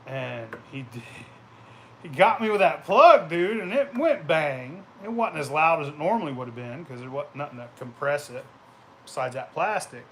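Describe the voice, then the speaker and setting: A man's voice: a little high, lively intonation, normal speed, slight background noise. A man vlogging casually, telling rambling, profane anecdotes and laughing as he goes. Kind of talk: casual storytelling.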